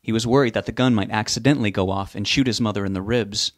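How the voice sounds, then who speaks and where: Low-voiced man reading a novel aloud. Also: fairly even intonation, quick pace, hardly any pauses, dry recording, clean studio sound. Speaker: narrator.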